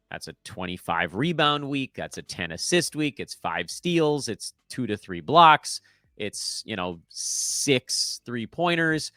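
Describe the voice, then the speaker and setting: A man's voice: mid-range voice, bright, forceful tone, no room sound, studio quality. A man hosting a fantasy basketball show, talking casually on his own in a chatty, self-deprecating way with sing-song emphasis. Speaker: fantasy basketball podcast host. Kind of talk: casual solo sports talk.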